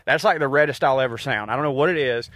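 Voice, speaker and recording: A comedian and podcast host with a Southern US accent rants on his own in a casual, rambling way, swearing and mocking himself. His mid-range voice is fast and fairly bright, recorded dry.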